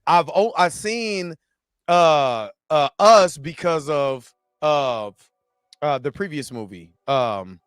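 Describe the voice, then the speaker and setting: A man's voice: on the high side, lively intonation, slow pace, clear, resonant tone, no room sound, studio quality. A man co-hosting a podcast, talking in a laid-back, rambling way with lots of fillers. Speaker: podcast co-host. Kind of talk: casual chat.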